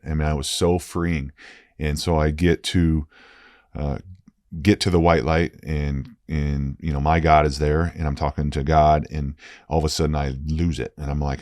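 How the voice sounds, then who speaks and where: A man's voice: a bass voice, level tone, normal speed, no room sound, studio quality. A former football player in his forties, a guest telling a candid story in an earnest, emphatic way, often adding "right?".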